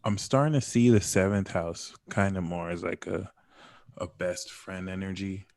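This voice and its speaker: A man with a fairly low voice talks casually as a podcast guest. He hesitates, restarts, and trails off with "like" and "I don't know". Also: moderate pace, vocal fry, a little mellow. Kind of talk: casual chat about astrology.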